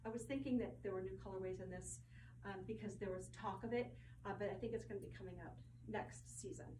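A woman hosting a casual showcase of fabrics, effusive and gushing, often repeating her words and filling pauses with ums. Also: medium pitch, noisy background. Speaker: host presenting fabric collection.

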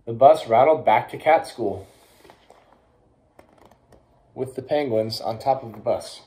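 A young man reads a children's picture book aloud for schoolchildren. His voice sits at a middle pitch, lively and animated, and he slips into quick character voices as he goes. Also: poor audio. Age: young adult. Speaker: college athlete reading aloud.

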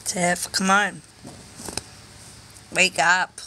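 A woman with a lowish voice talks slowly and softly on a live stream, coaxing her sleepy pets in gentle baby talk. A faint hum sits behind her. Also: flat delivery. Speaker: chinchilla breeder streaming live. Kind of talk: casual live stream talking to pets and viewers.

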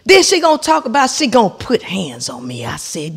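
A woman in her forties hosting a podcast, telling a profane comic story in an animated rant and addressing her listeners directly. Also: medium pitch, a little fast, breathy edge. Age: 40s. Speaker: podcast host.

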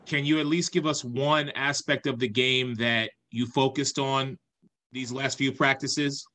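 A male reporter puts questions to a coach at a press conference, polite and formal, addressing him as sir. His voice is mid-pitched and plain. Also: fairly even intonation, a little slow, pushed and bright.

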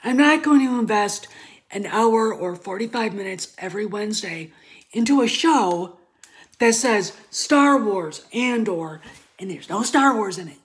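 Woman vlogger, unhurried and blunt, casual ranting commentary with sudden loud flare-ups. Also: medium pitch, lively intonation. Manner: blunt, profane, drops to murmurs then flares up loud.

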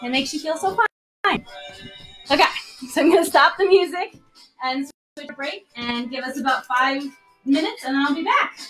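Woman dance teacher, high voice, counts steps while dancing, slightly winded. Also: lively intonation, moderate pace, pauses often, a bit bright, soft background music. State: out of breath. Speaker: dance instructor. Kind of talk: live-streamed dance lesson. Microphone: single mic while moving around.

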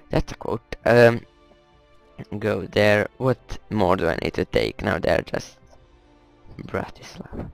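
A man's voice: fairly low pitch, vocal fry, poor audio. A man casually commenting on a strategy game he is playing, rambling, muttering to himself and swearing at the game now and then. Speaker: gameplay commentator. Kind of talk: casual let's-play commentary.

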